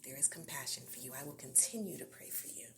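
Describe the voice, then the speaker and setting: A woman podcast host, giving an encouraging devotional talk in a soft, half-whispered, earnest voice. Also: a bass voice, expressive, fast talker, background noise.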